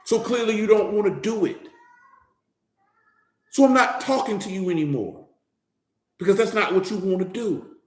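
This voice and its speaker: Man, informal sermon, high pitch, street-talk delivery, roomy echo. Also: moderate pace, pauses often, a little mellow. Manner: conversational, street slang, talks straight to listeners. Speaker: Bible teacher.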